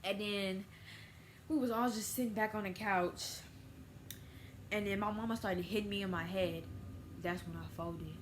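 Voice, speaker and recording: A woman's voice: steady tone, normal speed, long pauses, background noise. A teenage girl telling a casual storytime vlog, acting out quoted voices. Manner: casual storytelling, acts out quoted voices with big pitch jumps. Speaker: vlogger.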